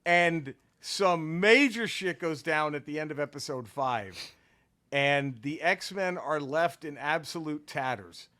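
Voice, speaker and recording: A man's voice: on the high side, lively intonation, slow pace, sharp tone. A man hosting a casual podcast chat, boisterous and teasing, laughing often. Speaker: podcast host.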